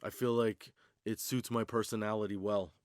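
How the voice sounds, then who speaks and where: A man's voice: fairly low pitch, flat delivery, moderate pace, no room sound, clean studio sound. Rambling, profane man hosting a podcast. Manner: casual, profane, rambling stoner banter. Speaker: podcast host. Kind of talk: comedic stand-up style monologue.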